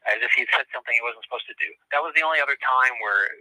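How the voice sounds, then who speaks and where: A middle-aged man, a guest author and lecturer, telling a long story in a casual interview, halting often with fillers and restarts. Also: medium pitch, bright, forceful tone, dry recording, low-quality recording.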